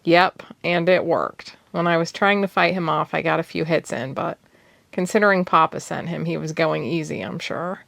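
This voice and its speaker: A thoughtful young man, the blind heir of a black-market magic family, speaks in a level, reassuring voice, as a woman narrator reads him. The tone is low and gravelly. It is recorded close and dry. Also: steady tone, moderate pace, fairly bright tone, dry recording. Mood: steady.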